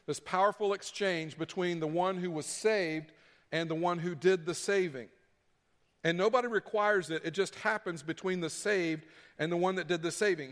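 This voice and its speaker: A man's voice: high-pitched, in a large hall. A man preaching a sermon, repeating key phrases for emphasis and acting out what people would say. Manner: preaching with emphatic repetition and acted-out quotes. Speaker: pastor.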